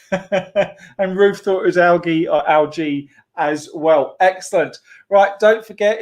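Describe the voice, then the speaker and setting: Upbeat man hosting a kids' club. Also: a little high. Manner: chatty and playful, with frequent laughs and fillers. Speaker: host of a children's church club. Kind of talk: casual online hosting for children.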